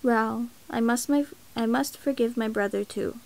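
A woman reading the lines of a calm, gentle young prince in a mild, even voice. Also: on the high side, unhurried, creaky.

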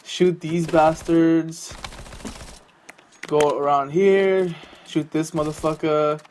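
A young adult doing sarcastic gaming commentary, full of swearing. The delivery is mocking and easily excited, talking straight to the viewer at a middling pitch. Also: takes it slowly, slight background noise. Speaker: gaming YouTuber.

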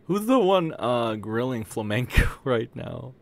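A man's voice: medium pitch, very animated, measured pace, gravelly. A man doing casual reaction commentary on a call, swearing freely and mocking with laughing asides. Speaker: commentary streamer.

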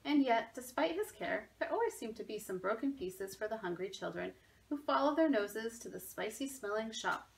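A woman's voice: fairly high pitch, animated, normal speed, gravelly, poor audio. A woman, a museum education manager, reading a children's story aloud expressively from her home.

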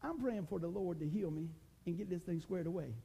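Animated folksy preacher man, high voice. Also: a little fast, gravelly, slight background noise, rough recording. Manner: folksy, animated preaching with humor and shifting volume. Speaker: pastor. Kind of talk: sermon.

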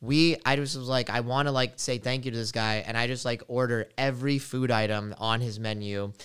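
A young man hosting a podcast, telling a travel story in an animated, casual way with lots of fillers. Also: medium pitch, a little fast. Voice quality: very clear voice.

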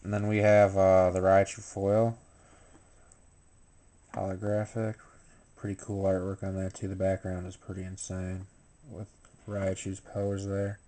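A tired man casually narrating a card pack unboxing, low-key and unhurried. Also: monotone, warm tone. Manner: low-key, unhurried commentary with filler words. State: tired and sleepy. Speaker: YouTuber opening a card pack.

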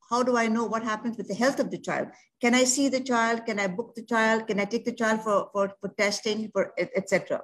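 A woman counselor explaining adoption in a talk show, earnest and reassuring, with many rhetorical questions. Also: a little high.

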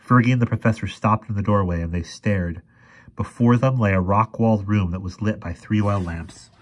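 Deep, husky male storyteller. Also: moderate pace. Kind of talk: reading a novel aloud.

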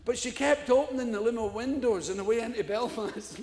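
A man's voice: very high voice, moderate pace, few pauses, noisy background. An older Scottish man telling a stand-up story, laughing often, swearing freely and acting out the people he quotes. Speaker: stand-up comedian. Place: large theatre stage. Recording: echoey hall, live stage recording.

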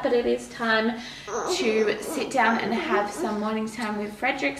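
Brief: Australian woman, 20s, mum vlogger, chatty and casual, a bit of fry in the voice, recorded on a distant camera mic with room echo and background noise. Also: a little high, steady tone, a little slow, fairly bright tone. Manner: chatty, keeps addressing viewers as "you guys". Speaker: vlogger, stay-at-home mum. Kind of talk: casual chatty vlog talk to viewers. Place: at home, indoors and in the backyard.

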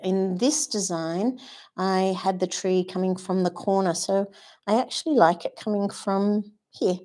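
Her voice is mid-range with a darkish tone as she teaches watercolour painting live. She's chatty, talks through her thinking while she works, and raves about the paints and brushes.

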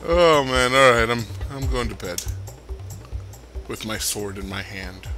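A man's voice: mid-range voice, a little slow, pauses often, pushed and bright. A man hosting a let's play, chatting casually over his gameplay in a rambling, joking, self-mocking way. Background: background music.

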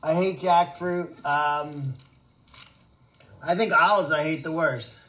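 A man's voice: on the high side, steady tone, takes it slowly, pushed and bright. A man hosting a casual livestream from an animal sanctuary, answering viewer comments in a joking, rambling way with stammered restarts.

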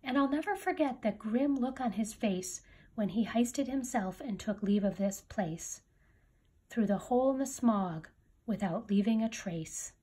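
A woman's voice: fairly high pitch, animated, unhurried, mellow, slightly rough. A woman reading a rhyming picture book aloud with a rhythmic storybook delivery. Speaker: reader.

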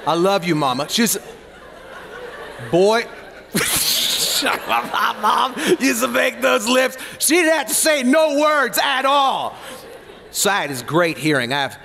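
A man preaching a sermon as pastor, playful and animated, joking with the congregation between points. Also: extremely high pitch, slow, gravelly, pauses often, big-room sound. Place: church hall.

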